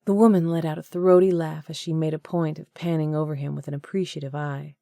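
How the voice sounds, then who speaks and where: Brief: woman reading a romance novel aloud, warm dark tone, even pace. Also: sits low, moderate pace, gravelly, hardly any pauses, no room sound, clean studio sound. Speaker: audiobook narrator. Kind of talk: scripted audiobook narration.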